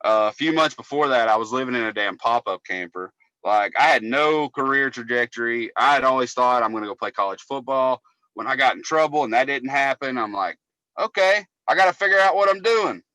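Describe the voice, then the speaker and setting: A man's voice: mid-range voice, a little fast, pushed and bright, no echo, low-quality recording. A man, co-hosting a casual podcast and telling long, profane stories. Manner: profane, rambling storyteller. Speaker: podcast co-host, cable technician.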